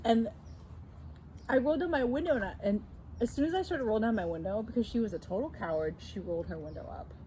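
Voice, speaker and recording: A woman in her forties, co-hosting a casual chat and telling a story, lively and quick to jump up in pitch as she acts it out. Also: a little hiss or hum, low-quality recording. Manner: animated, jumps up in pitch when acting out the story. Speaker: co-host.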